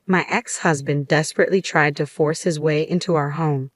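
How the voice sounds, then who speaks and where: A woman narrating a scripted first-person story in a steady, even reading voice. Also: low-pitched, normal speed, dry recording.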